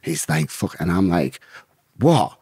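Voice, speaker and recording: A man's voice: sits low, fairly quick, a little mellow, husky, no echo, studio quality. A man telling a blunt, rambling story full of swearing in a casual interview. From England. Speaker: guest, bare-knuckle fighter.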